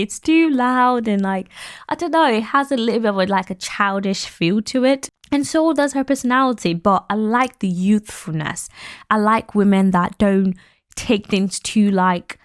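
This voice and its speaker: A woman's voice: medium pitch, normal speed, no echo, clean studio sound. A young woman hosting a podcast, giving frank, opinionated commentary in a chatty way, laughing often and using lots of fillers. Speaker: podcast host.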